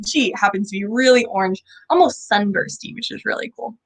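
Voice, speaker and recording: A woman's voice: mid-range voice, a little fast, low-quality recording. A woman teaching children about animals in a bubbly, sing-song way, often asking them questions. She is indoors at an animal center. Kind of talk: kids' lesson.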